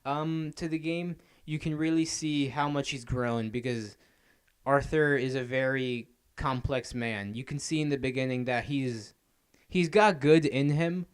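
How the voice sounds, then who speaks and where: A man's voice: mid-range voice, a little slow, clean tone, no echo. A young man co-hosting a casual podcast, rambling enthusiastically about a video game with plenty of fillers. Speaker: podcast co-host. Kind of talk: casual chat.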